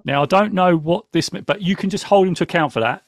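A man's voice: high-pitched, fairly quick, dry recording, clean studio sound. A man hosting a casual live podcast, giddy and rambling, talking over his co-hosts after some wine. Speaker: podcast host.

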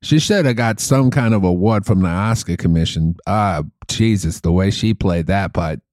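A man's voice: low voice, normal speed, darkish tone, no echo, studio quality, close to an everyday voice. A man putting on a Boston accent to play a rambling middle-aged movie critic handing out verdicts. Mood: blustery. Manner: rambling, gushing then dismissive verdicts.

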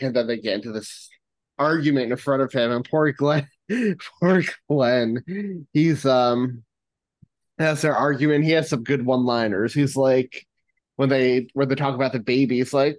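A man's voice: mid-range voice, unhurried, no echo. A man co-hosting a podcast, retelling TV scenes in casual chat and laughing often. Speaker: podcast co-host. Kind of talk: casual chat recapping a TV episode.

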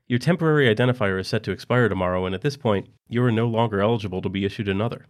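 A stern, measured male teacher giving firm instructions to a class, as a man puts him on. His voice sits a little low. He is patient but clipped, with an edge of exasperation. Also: lightly acted.

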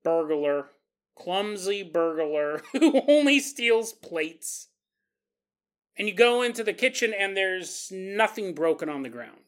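A man hosting a podcast, telling a story in a casual, animated way, laughing often and acting out quotes. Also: high-pitched, slow. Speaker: podcast host.

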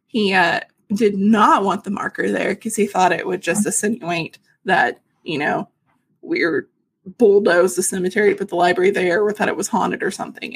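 A woman's voice: medium pitch, creaky, slightly rough. A woman from Arkansas co-hosting a casual podcast chat, telling stories with sarcastic asides. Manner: chatty storyteller, sarcastic asides, frequent laughs. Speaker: podcast co-host.

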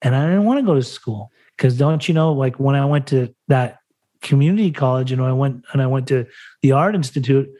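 A man's voice: medium pitch, brisk, warm tone. A man from the United States talking openly and emotionally as a podcast guest, swearing freely and acting out the dialogue as he tells his story. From United States (Salt Lake City). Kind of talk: candid personal storytelling in conversation.

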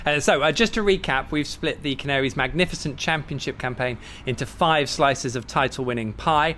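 A man's voice: mid-range voice, moderate pace, hardly any pauses, fairly bright tone. A jovial man hosts a casual football podcast, chatting and laughing easily. He records in a café with a faint hum of ambience behind him. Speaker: podcast host.

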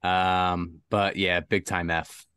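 Deep-voiced laid-back podcast guest, man. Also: level tone, slow pace, pushed and bright, smooth, no echo, studio quality. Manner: laid-back, short agreeing replies. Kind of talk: casual sports talk.

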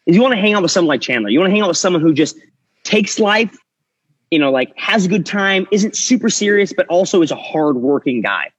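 Fast, lively, husky-voiced man. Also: high-pitched, no room sound. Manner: chatty, jokey, lots of fillers. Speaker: podcast guest, retired athlete. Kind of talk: casual chat. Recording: dull dry lo-fi remote audio.

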